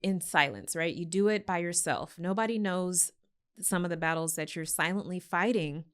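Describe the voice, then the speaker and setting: A woman's voice: fairly low pitch, normal speed, a bit bright, clear, resonant tone. A woman hosting a podcast, talking in an earnest, reflective way and often agreeing with her guest. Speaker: podcast host. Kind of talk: casual conversation.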